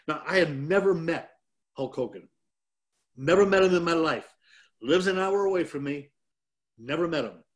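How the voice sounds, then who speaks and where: An older man from Detroit, a former pro wrestler, telling a rambling, self-deprecating story as a guest on a chat show. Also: on the high side. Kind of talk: casual storytelling.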